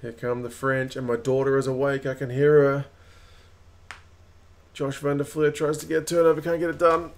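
A man with a New Zealand accent hosting a rugby watch-along, calling plays and chatting with viewers, getting quicker and higher at close calls. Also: little pitch movement. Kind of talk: live match commentary and chat.

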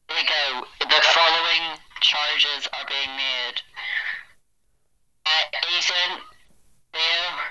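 A man's voice: fairly high pitch, pushed and bright, low-quality recording. A man playing an impatient, curt judge in a game roleplay court.

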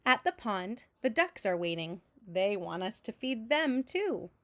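A woman teacher reading a picture book aloud to children in a slow, clear storytelling manner, making sound effects with her voice between lines. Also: medium pitch, very animated, fairly bright tone. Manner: adds vocal sound effects between narration.

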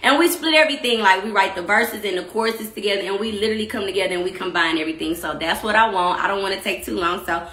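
A woman's voice: mid-range voice, quick pace, few pauses. Chatty Texan woman in an echoey room. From Texas. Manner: chatty, rambling, shout-outs to viewers. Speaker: singer hosting a live stream about her EP. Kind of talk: casual chat.

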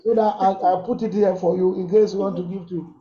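His voice sits high, steady and mellow, moving a little fast as this bishop counsels a congregation on marriage in an emphatic, preacherly way. He moves freely between languages, and the audio is lo-fi, echoey, and dull.

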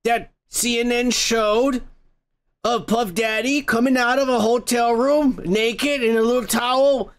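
A man's voice: very high-pitched, steady tone, a little slow. A tipsy male podcast host in a profane, rambling rant, swearing and laughing often. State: tipsy from beer.

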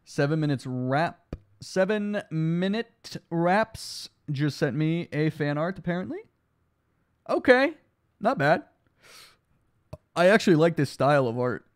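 A man's voice: a little high, very animated, slow, clear, resonant tone, no room sound, clean studio sound. A young man streaming a block game live, chatting casually and reading his chat aloud, tired from lack of sleep. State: sleep deprived, yawning.

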